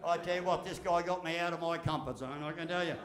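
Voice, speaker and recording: High-voiced Australian man giving a folksy speech. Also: fairly even intonation, quick pace, fairly bright tone. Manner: folksy storyteller, swears casually, jokes, repeats phrases. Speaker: keynote speaker. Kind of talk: motivational speech. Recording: echoey hall.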